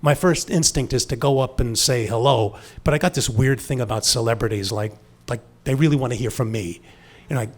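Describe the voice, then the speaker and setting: A man's voice: mid-range voice, brisk. Wry man telling a family story. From Long Island, New York. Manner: intimate, wry, shifting from hushed to emphatic. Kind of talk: personal storytelling.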